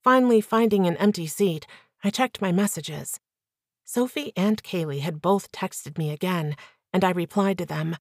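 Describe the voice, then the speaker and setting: A woman reading a first-person novel aloud as an audiobook narrator with clear, even storytelling. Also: on the low side, normal speed, no room sound, clean studio sound.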